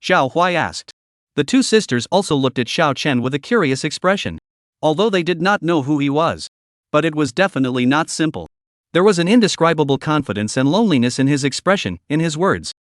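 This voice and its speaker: A man narrating a fantasy comic story in scripted form, with steady storytelling delivery. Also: fairly high pitch, brisk, dry recording, clean studio sound. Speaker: recap narrator.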